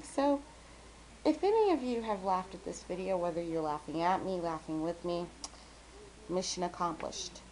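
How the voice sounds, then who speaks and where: Her voice is on the low side, and the rough recording carries slight background noise. She's a young adult woman vlogging casually: chatty, self-deprecating, rambling with many fillers, occasionally mumbling, and quoting friends in bright, squealy tones.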